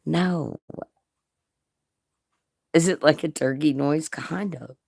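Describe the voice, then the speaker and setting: A woman's voice: low voice, takes it slowly, creaky, darkish tone, slightly rough, no room sound, studio quality. A woman hosting a casual livestream, reading chat and telling stories with frequent swearing and laughter. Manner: crude, swearing, laughing often.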